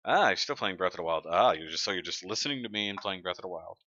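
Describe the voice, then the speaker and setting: A man's voice: low voice, lively intonation, fast, bright, forceful tone. A man hosting a casual live stream, chatting and joking as he reads comments aloud into a desk mic. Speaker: livestream host. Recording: dry, dull lo-fi sound.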